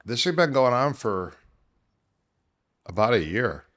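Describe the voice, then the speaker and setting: A middle-aged man, an MMA coach, telling long stories in a casual interview, rambling with many fillers and restarts, his voice worn from years of yelling. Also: medium pitch, sing-song, unhurried. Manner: rambling anecdotes with many fillers and self-corrections.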